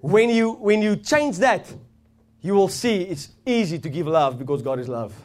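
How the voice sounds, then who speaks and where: A man's voice: sits high, animated, moderate pace, darkish tone. A man preaching a sermon with fervor, repeating phrases and building intensity as he goes. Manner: fervent, rising and swelling as he preaches, with repeated phrases.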